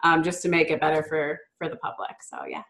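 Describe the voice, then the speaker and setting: A woman's voice: deep voice, huge pitch swings, quick pace, gravelly, a bit bright. A woman being interviewed about the children's book she wrote, chatty and upbeat, with lots of "um" and "like". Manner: chatty and upbeat, many fillers like "um" and "like"; mimics a child's voice in quotes. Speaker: guest, children's book author. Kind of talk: casual interview chat.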